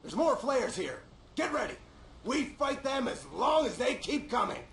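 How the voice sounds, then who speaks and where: A wild, raving possessed man yells jeering taunts at the top of a strained, very high voice. Each line lurches up and down. The game audio echoes and carries constant background noise. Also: big pitch swings, measured pace, vocal fry, exaggerated voice. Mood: taunting. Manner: shouting taunts in combat.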